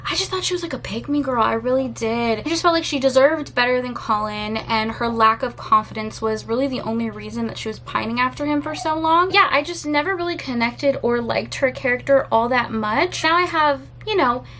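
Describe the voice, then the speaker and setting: A woman's voice: sits high, fairly quick, few pauses, slight background noise. Chatty young woman book vlogger. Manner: chatty, animated, laughs and swears. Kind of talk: casual vlog chat.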